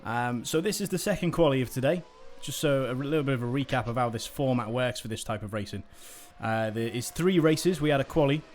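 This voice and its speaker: A man's voice: mid-range voice, a little hiss or hum. A man hosting live esports commentary in a chatty, rambling way and poking fun at himself. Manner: chatty, rambling, self-deprecating. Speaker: host commentator.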